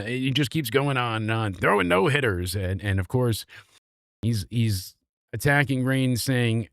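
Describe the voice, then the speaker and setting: A man recapping a wrestling show in a casual, animated, sarcastic way, swearing freely. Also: mid-range voice, a little slow, vocal fry, no echo, studio quality.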